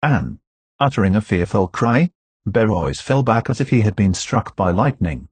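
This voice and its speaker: An audiobook narrator with a low, husky male voice reads a classic novel from a script. His reading is steady and measured, with no room sound.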